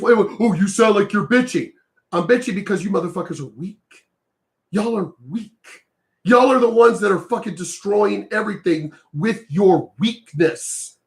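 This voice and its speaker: Host, male, high-pitched, angry profane ranter, raises voice to a shout at times. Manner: heated, profane, emphatic, sometimes shouting. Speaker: reaction commentator. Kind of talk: ranting reaction commentary.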